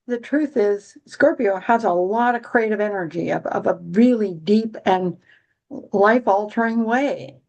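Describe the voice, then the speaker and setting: A woman's voice: on the high side, a little mellow. A woman hosting a casual astrology chat, rambling with many restarts and dry, giggly humor. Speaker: astrology podcast host.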